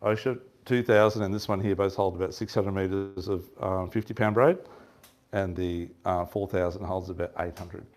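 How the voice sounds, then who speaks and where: A man's voice: low voice, fairly even intonation, moderate pace, a little mellow. Chatty man telling fishing stories. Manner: chatty, laughing, acts out quoted lines. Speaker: fishing shop presenter. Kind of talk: casual seminar storytelling.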